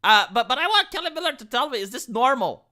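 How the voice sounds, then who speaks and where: A man from Romania reacts on a live stream in loose, casual commentary. His voice is bright and swings widely in pitch. He stammers, restarts and leans heavily on filler words. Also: sing-song, fast.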